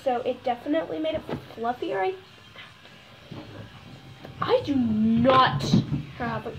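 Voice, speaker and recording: A high-pitched young woman talks slowly through her slime making, wandering off into self-conscious asides. Her voice sits well above most women's, and there is steady noise behind her. It sounds like a casual home recording. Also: lo-fi sound. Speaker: slime vlogger. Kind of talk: casual vlog chat.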